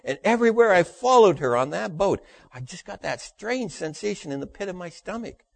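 Man preaching, dropping low for punchlines. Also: lively intonation, fairly quick, gravelly, no room sound. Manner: dry storytelling, voice drops low for punchlines. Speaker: pastor. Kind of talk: sermon with jokes.

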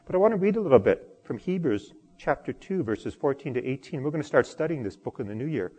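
Husky guy preaching, voice rising and dropping a lot, echoing church. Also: mid-range voice, fast. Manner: expressive, swings from loud emphasis to quiet. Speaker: pastor. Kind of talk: sermon.

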